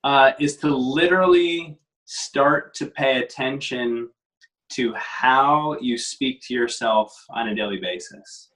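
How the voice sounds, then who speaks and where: A man talking as a guest in a casual conversation, reflective and measured, with frequent pauses. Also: mid-range voice, a bit bright, poor audio.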